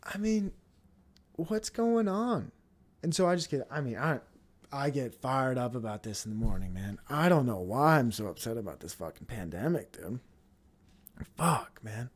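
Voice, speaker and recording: A man's voice: mid-range voice, expressive, normal speed. Guy ranting solo on his podcast at home, swears a lot, rambles, gets fired up. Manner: agitated, profane, rambling. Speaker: podcast host. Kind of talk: casual solo podcast rant. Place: home, seated at a computer on a dining chair.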